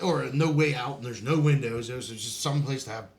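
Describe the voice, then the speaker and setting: A man telling his military stories in casual podcast chat, swearing often, laughing, and shouting out the quoted lines. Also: medium pitch, brisk, creaky, noisy background. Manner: profane, laughing, acts out quotes loudly. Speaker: podcast guest. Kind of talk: casual storytelling.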